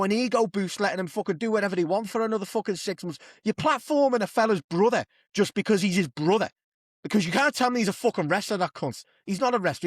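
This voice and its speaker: Swearing Scouse man, lively pitch. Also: no room sound, clean studio sound. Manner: profane, heated ranting. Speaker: podcast co-host. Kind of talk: casual chat.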